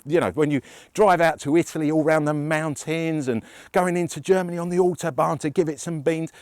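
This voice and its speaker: Male host, casual and jokey, animated delivery, dry close sound. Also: on the high side, no room sound. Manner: chatty, enthusiastic, jokey. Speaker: car reviewer and channel host. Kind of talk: casual review to camera.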